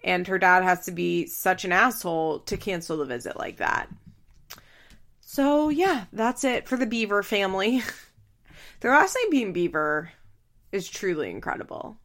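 Young female podcast host, animated and chatty, mid-range pitch. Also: measured pace. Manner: animated, laughs often, mimics people in quotes. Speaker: podcast host recapping a reality show. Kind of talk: casual recap chat.

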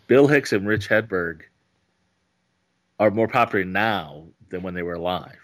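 Very deep-voiced rambling male comic. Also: fairly bright tone. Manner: rambling, halting, many restarts. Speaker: stand-up comedian, guest. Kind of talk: casual podcast interview.

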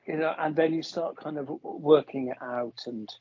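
Husky dude on a dry lo-fi call, agreeable, trips over his words. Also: on the high side, fairly even intonation, no echo. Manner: agreeable, hesitant restarts, quick to laugh. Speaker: podcast co-host. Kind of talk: casual chat over a video call. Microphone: video call. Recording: dry lo-fi video call audio.

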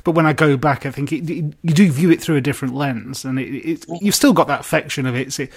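A man's voice: fairly high pitch, quick pace, slightly rough. An older man from East Lancashire hosting a podcast, asking questions casually with plenty of hesitations. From East Lancashire, England. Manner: hesitant questions with many uhs. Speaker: podcast host. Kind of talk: casual interview chat.

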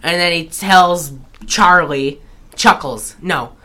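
A woman's voice: lowish voice, slow pace, sharp tone. A woman co-hosting a podcast, recapping a film in casual chat with many restarts and laughs. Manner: rambling, restarts, laughs often. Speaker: podcast co-host.

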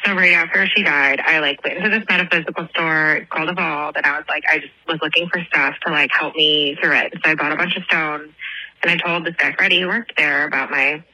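A young woman rambles through a long personal story on a phone voicemail, sitting outdoors at night. She keeps apologizing and giggling. Her voice is a little low but very bright and sharp, and the sound is dry and close. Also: no echo, poor audio. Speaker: caller leaving a voicemail.

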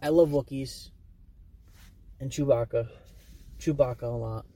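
A man's voice: mid-range voice, measured pace, dark tone. A man co-hosting a podcast, chatting casually about movies and acting out scenes with silly voices. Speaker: podcast co-host. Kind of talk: casual movie review chat.

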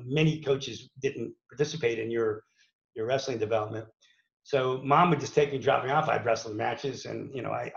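A man from Pittsburgh, USA with a creaky, medium-pitched voice looks back on his wrestling career. He rambles casually, using many fillers and starting over often. The recording has an echoey room and dull, lo-fi quality.

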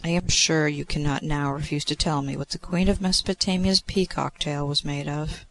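A man's voice: fairly high pitch, steady tone, normal speed, gravelly, a bit bright, poor audio. A man reading aloud, voicing a stately queen of the gods who speaks in a composed, coaxing way.

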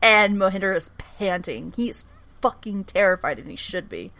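A woman's voice: mid-range voice, moderate pace. A woman co-hosting a casual podcast, retelling a TV episode with giggles, swearing and acted-out lines. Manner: giggly, animated, acts out characters' lines, swears freely. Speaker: podcast co-host. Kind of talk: casual chat recapping a TV episode.

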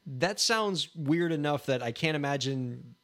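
A man's voice: on the high side, expressive, unhurried, fairly bright tone. A man hosting a podcast, guessing aloud with amusement during a quiz game. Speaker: podcast host. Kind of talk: casual chat, quiz game.

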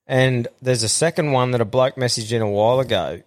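A man's voice: medium pitch, moderate pace, few pauses. An Australian man hosting a podcast in casual, sweary, jokey banter. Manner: laid-back, sweary, jokey. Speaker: podcast host.

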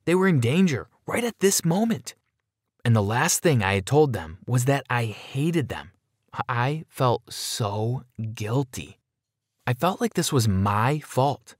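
A man's voice: medium pitch, big pitch swings, takes it slowly, no echo, studio quality. A man giving scripted first-person narration of a dramatic story in an earnest, dramatic storytelling manner.

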